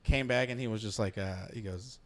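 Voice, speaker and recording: A man's voice: fairly low pitch, a little fast, a bit bright. A young man hosting a casual podcast chat, joking and laughing a lot. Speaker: podcast host.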